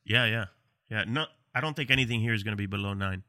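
A middle-aged man from the United States co-hosting a cigar and beer pairing show, chatting casually with quick asides. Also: fairly low pitch, sharp tone, dry recording. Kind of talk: casual chat.

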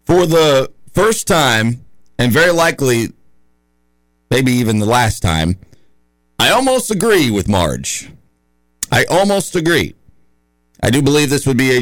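A male radio host talks casually from a studio, wandering through his thoughts with frequent fillers and restarts. His voice sits at an ordinary pitch and comes across dry and close, with no room echo. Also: a bit bright. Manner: rambling, with many fillers and restarts. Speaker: radio talk show host. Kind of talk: casual talk radio chat.

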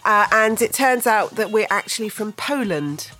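A woman's voice: medium pitch, expressive, moderate pace, sharp tone, soft background music, poor audio. A woman in her forties, a guest on a radio interview, talking in a dry, witty, self-mocking way.

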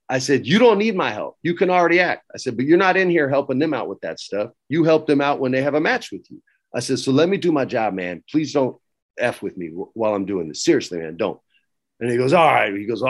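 A middle-aged man telling stories as a guest, lively and laughing as he acts out quoted lines. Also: medium pitch. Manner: laughs often while talking. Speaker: guest recalling work as a wrestling writer. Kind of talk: casual anecdote-telling.

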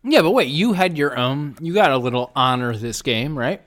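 A man's voice: mid-range voice, animated, normal speed, a bit bright. Regular guy on a sports podcast teasing his buddy, normal mid voice. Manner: teasing, ribbing his co-host. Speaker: podcast co-host. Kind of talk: casual sports chat.

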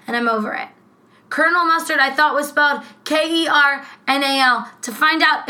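A woman co-hosting a casual true-crime podcast, talking in a rambling, profane, animated way. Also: sits high, low-quality recording. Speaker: podcast co-host.

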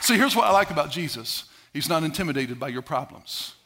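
A male pastor preaching a sermon, emphatic, swinging between loud declarations and hushed asides, sometimes acting out quoted voices. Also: on the high side, expressive, brisk.

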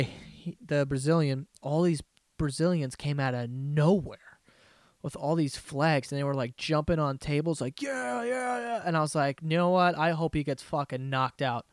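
A man's voice: fairly high pitch, no room sound, clean studio sound. A young man rambling through profane, laugh-filled stories as the host of a casual comedy podcast.

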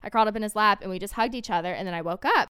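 A young woman talks in a relaxed, casual way, piling on little fillers as she tells a story. Her voice is strikingly smooth and clean. The sound is dry and close to the mic. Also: mid-range voice, racing, dry recording. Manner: chatty, lots of fillers, laughs easily. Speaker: podcast guest.

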